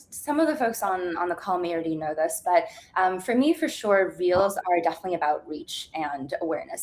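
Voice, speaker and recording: Travel-creator panelist, woman, lowish voice, measured and thoughtful on a video call. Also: slight background noise, rough recording. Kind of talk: webinar panel discussion.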